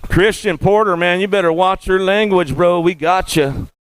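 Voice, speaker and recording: A man calling BMX races live as track announcer, rattling off rider names in a rapid, rhythmic play-by-play and repeating stock phrases. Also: high voice, clear, resonant tone, dry recording. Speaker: race announcer. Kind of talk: live race commentary.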